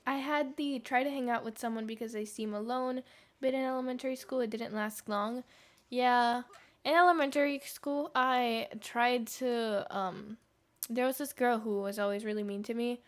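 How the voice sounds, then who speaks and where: A woman's voice: a little high, steady tone, normal speed. A young woman streamer chatting casually while gaming, rambling through anecdotes with fillers and laughs.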